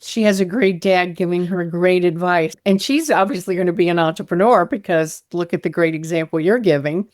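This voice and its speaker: Expressive woman host, lower voice. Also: a little fast, hardly any pauses, no echo, clean studio sound. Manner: expressive, laughs while questioning. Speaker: podcast host. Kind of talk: casual interview talk.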